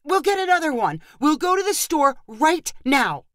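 A woman's voice: high voice, sing-song, normal speed, a bit bright, dry recording, studio quality, pitched above the performer's own voice. A woman voicing a frazzled, exasperated young aunt at her wits' end, with pleading, exclamatory outbursts.

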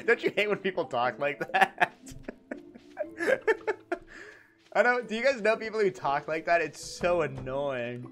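A man's voice: a little high, very animated, slow pace, a bit bright, faint music behind. A young man livestreaming a farming game, chatting casually and jokingly with his chat, rambling and reacting to messages.

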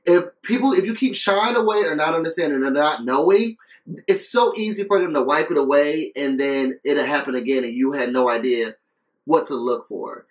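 A man's voice: a little high, moderate pace, roomy sound, poor audio. A man talking earnestly in a casual vlog review, coughing between phrases and repeating himself for emphasis. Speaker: video reviewer.

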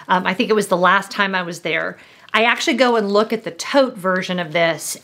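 A woman's voice: medium pitch, bright, forceful tone. Gushing middle-aged American woman vlogger. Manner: gushing, emotional, addresses viewers. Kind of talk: gift unboxing vlog.

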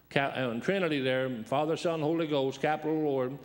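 A man's voice: on the high side, steady tone, a little fast, few pauses. A man in his seventies, a guest preacher, telling rambling, humorous personal stories during a sermon. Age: 70s. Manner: folksy, rambling, humorous storyteller. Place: church sanctuary. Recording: reverberant church hall.

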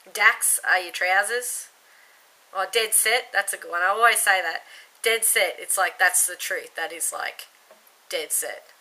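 A young Australian woman talks casually to her camera, running through a word list and slang with a chatty, giggly manner. Her voice is very bright and sits at an everyday pitch for a woman. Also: rough recording. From Queensland, Australia. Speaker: vlogger. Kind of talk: casual accent tag vlog.

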